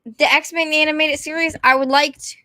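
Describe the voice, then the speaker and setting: A woman's voice: high-pitched, steady tone, normal speed, pushed and bright, dry recording, studio quality. A young woman, ranting casually and rambling, often apologizing and putting herself down. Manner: rambling, apologetic, self-deprecating. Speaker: vlogger.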